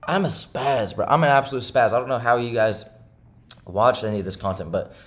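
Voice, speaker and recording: A man's voice: medium pitch, fairly quick. A young man vlogging about day trading, rambling and frustrated, repeating questions as he vents. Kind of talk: casual confessional monologue.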